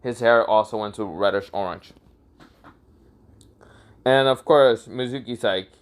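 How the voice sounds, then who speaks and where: A man's voice: on the low side, a little slow, pauses often, clear, resonant tone. A man casually retelling an improvised fan story, rambling with fillers and correcting himself as he goes.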